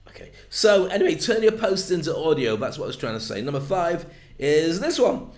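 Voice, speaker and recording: A man's voice: on the high side, big pitch swings, a little fast, darkish tone. Chatty northern English man, echoey room. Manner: chatty, jokey, digressive. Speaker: content marketing coach. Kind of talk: casual video lesson to camera.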